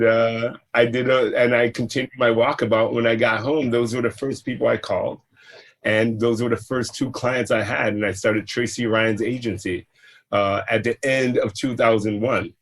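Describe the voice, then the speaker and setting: Easygoing man telling his career story. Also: medium pitch. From Massachusetts, USA. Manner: relaxed, conversational, with frequent fillers and restarts. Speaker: entrepreneur guest. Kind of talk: storytelling interview.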